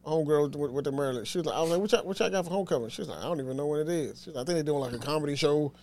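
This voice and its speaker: A young man co-hosting a podcast, animated and slangy, often repeating himself in casual chat. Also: a little high, racing. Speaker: podcast co-host.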